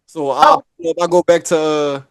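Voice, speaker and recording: A man's voice: on the high side, fairly even intonation, unhurried, smooth, no echo. A man, co-hosting a podcast, telling stories in casual chat and acting out quotes, laughing often. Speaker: podcast co-host. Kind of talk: casual storytelling.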